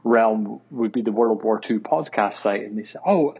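A man's voice: lowish voice, steady tone, normal speed, gravelly, darkish tone, husky, lo-fi sound. A Scottish man chatting as a guest on a podcast, hesitant and full of fillers. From Scotland. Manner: hesitant, full of ums and uhs. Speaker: guest, web designer. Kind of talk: casual podcast chat.

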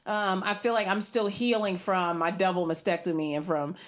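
On a podcast she co-hosts, a woman speaks openly and reflectively about how she feels at home, in a casual chat and check-in that tends to ramble. Her voice is fairly low and steady, at a normal pace.

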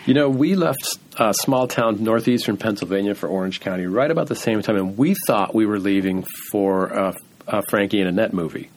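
A man's voice: lowish voice, a little fast, slight background noise. A middle-aged man hosting a podcast interview, chatty and wry, often restarting his sentences. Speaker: podcast host. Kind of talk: casual interview.

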